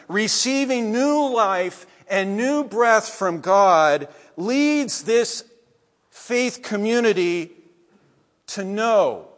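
Male pastor, high voice, slow deliberate sermon delivery, big church reverb. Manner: measured preaching, trailing off softly at phrase ends. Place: church sanctuary.

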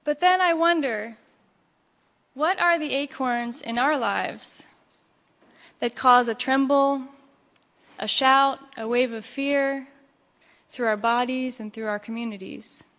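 Bright-voiced woman preaching in a ringing hall. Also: sits high, slow pace, long pauses. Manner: expressive, animated storytelling. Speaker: pastor. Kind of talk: sermon with storytelling. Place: church sanctuary.

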